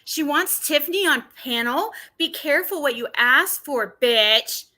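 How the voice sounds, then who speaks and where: A woman's voice: sits high, animated, pushed and bright. A woman hosting a casual livestream, blunt and combative, swearing often and restarting her sentences. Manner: halting, with frequent restarts. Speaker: livestream host.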